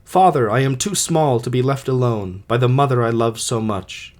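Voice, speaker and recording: A young boy mourns his mother in a plain, middle-pitched voice, read by a man without changing his voice. The reading is steady and lamenting. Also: normal speed, natural voice.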